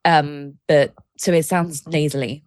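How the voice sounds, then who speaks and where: A woman's voice: low voice, unhurried, dry recording. A woman with an English accent, chatting dryly as a podcast producer and laughing easily. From Britain. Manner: dry, deadpan, laughs easily. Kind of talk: casual podcast chat.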